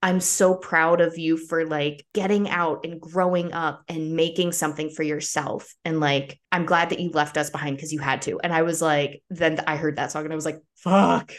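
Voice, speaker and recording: A woman's voice: sits low, moderate pace. Candid young woman, chatty podcast host. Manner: candid, animated storytelling with frequent fillers. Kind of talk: casual conversation.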